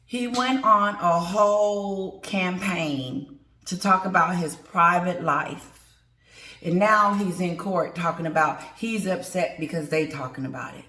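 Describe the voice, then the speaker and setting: A middle-aged woman vlogs her opinions in a sassy, emphatic rant, greeting viewers and addressing them directly. She's unhurried, with a fairly low voice that sounds pushed and bright, and the recording has an echoey room sound.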